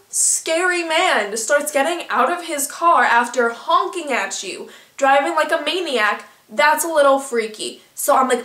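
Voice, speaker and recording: A teenage girl vlogger telling a story in a chatty, filler-heavy, animated way. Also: sits high, normal speed, hardly any pauses, reverberant. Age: teens. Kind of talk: casual storytelling.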